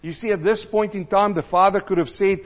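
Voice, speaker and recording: A man preaching a sermon, swinging between loud emphatic passages and low, quiet asides. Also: steady tone, a little fast, muffled recording.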